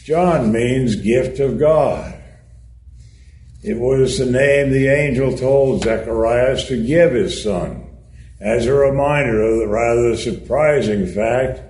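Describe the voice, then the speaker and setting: A man reading a sermon aloud in a measured way, with touches of dry humor. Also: medium pitch, a little mellow. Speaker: reader of a sermon. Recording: echoey room.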